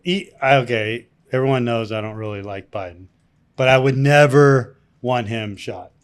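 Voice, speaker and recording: Rambling man co-host, mid-pitched voice. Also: moderate pace, clean tone. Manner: rambling, lots of "like" and restarts. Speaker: podcast co-host. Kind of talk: casual chat.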